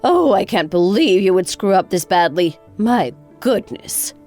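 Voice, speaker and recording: A woman's voice: mid-range voice, expressive, a little slow, a little mellow, soft background music. A woman voicing a harsh, sarcastic older mother-in-law in a dramatized story. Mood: scornful. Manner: cutting, sarcastic.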